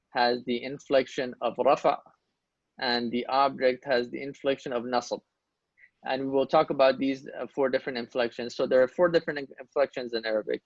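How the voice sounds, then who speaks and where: Here a medium-pitched male voice, with no echo, walks students through Arabic grammar one step at a time, pausing to quiz them on whether they follow. The recording is dry, dull and lo-fi.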